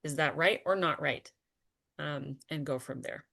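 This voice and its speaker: A woman leading a spiritual conversation, earnest and animated, often laughing and trailing off with fillers. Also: sits low, unhurried, creaky, husky. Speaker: spiritual teacher.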